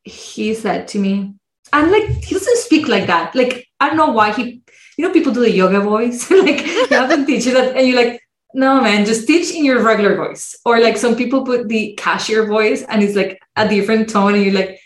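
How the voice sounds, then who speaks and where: A woman's voice: a little high, animated, normal speed. A woman being interviewed as a guest who shares a personal story. She speaks expressively and acts out other people's voices when she quotes them. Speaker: guest, mindset coach. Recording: roomy echo.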